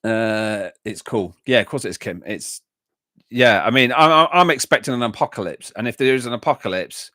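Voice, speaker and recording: An English man hosts a music reaction livestream, rambling casually and answering viewer comments with lots of fillers and restarts. His mid-range voice moves at a moderate pace and sounds pushed and bright. The studio recording is clean with no echo.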